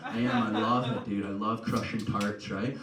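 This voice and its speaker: A man's voice: on the low side, fairly even intonation, normal speed, over a noisy crowd. Profane rambling stand-up comic man. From Canada. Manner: rambling, profane, with many "right?" and "you know?" tags. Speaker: stand-up comedian. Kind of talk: stand-up comedy set. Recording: echoey live room, mic heard from a distance, loud noise. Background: loud audience laughter.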